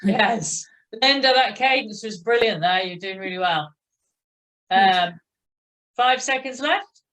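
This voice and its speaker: Slow-paced woman coaching a cycling class. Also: mid-range voice, a bit bright. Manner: encouraging, counts a rhythmic tick-tock beat. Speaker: cycling instructor.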